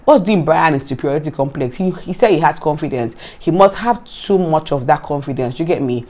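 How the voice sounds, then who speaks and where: With a deep voice and a brisk delivery, a Nigerian woman vlogs about a reality show. Her recap is casual and animated, and she often repeats herself in exasperation.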